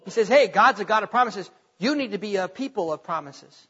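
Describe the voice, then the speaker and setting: A pastor, a man, preaches a sermon in a high, bright voice. He talks to his congregation in a conversational way and grows forceful when he retells scripture. The recording is muffled and lo-fi, with a long reverb from the church hall. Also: lively intonation, fairly quick, husky.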